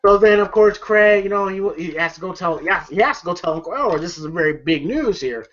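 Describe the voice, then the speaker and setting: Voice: medium pitch, expressive, quick pace, a bit bright, lo-fi sound. A movie reviewer recapping a film scene by scene in a loose, rambling way, swearing freely and often laughing, with lots of fillers.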